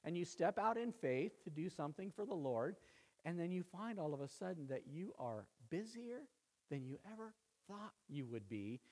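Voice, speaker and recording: A man's voice: fairly high pitch, sing-song, moderate pace, a little mellow. A man preaching a sermon in a conversational way, often checking in with his listeners. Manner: conversational preaching, frequent "right?" check-ins. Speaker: pastor.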